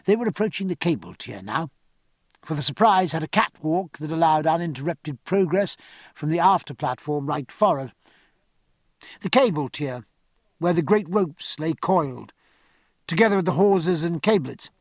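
A man reads a seafaring novel aloud with a measured, even delivery. His voice sits slightly high for a man and the studio sound is dry and close. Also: dry recording. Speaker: audiobook narrator. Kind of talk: scripted narration.

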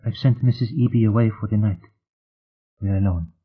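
A man's voice: lowish voice, normal speed, slightly rough. A man voicing a frank, practical young woman, heard through tinny phone-like audio. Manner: candid, practical.

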